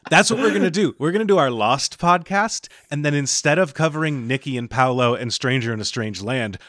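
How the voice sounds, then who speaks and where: A man co-hosting a podcast, rambling through joking pitches in casual chat. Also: expressive, fairly quick, fairly bright tone, no room sound, clean studio sound. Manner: rambling, riffing on mock show ideas. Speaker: podcast co-host.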